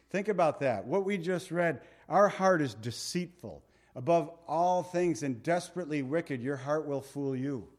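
A man preaching an expository Bible sermon, his voice sitting slightly high for a man. He tells the story in an animated, conversational way. He slows down deliberately to read scripture and drops his voice low for emphasis. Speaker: pastor.

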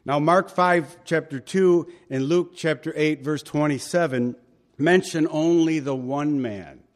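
A male pastor teaches through a Bible passage verse by verse in a sermon. His voice sits a little higher than most men's, and his delivery is conversational yet emphatic, full of chatty asides. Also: measured pace.

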